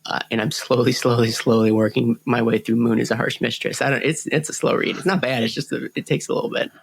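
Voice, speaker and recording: A man's voice: mid-range voice, fairly even intonation, fast talker, vocal fry, breathy edge. A man co-hosting a podcast, chatting casually about books, rambling with many restarts and fillers. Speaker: podcast co-host.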